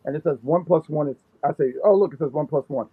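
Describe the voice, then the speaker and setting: A man's voice: on the high side, fast, breathy edge, no echo. A man in his thirties co-hosting a casual wrestling chat, riffing and joking playfully. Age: 30s. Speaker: podcast co-host. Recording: thin phone-like line.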